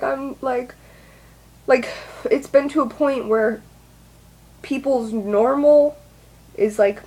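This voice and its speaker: High-voiced young woman, rambling and profane. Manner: rambling, profane, self-deprecating, with nervous laughs. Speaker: vlogger. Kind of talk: emotional confessional monologue.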